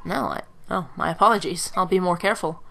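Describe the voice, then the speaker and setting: A woman's voice: fairly low pitch, fast, gravelly, a bit bright, soft background music. Brief: earnest plain-spoken young male mercenary leader, voiced by a woman.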